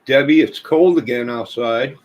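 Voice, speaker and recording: The sound is lo-fi, and the American man speaks at a medium pitch and moderate pace. He's a livestream host chatting casually with viewers, reading their comments out loud and drifting off mid-thought.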